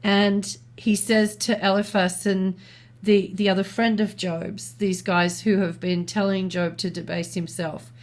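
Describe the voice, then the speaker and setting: A woman co-hosting a talk show, reasoning aloud in a thoughtful, measured way with small restarts. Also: medium pitch, flat delivery. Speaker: podcast co-host. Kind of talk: reflective conversational commentary.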